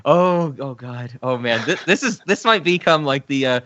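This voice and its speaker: A man's voice: on the high side, expressive, normal speed, a bit bright, no room sound, muffled recording. A man co-hosting a podcast in casual chat, laughing often and rambling off on tangents. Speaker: podcast co-host.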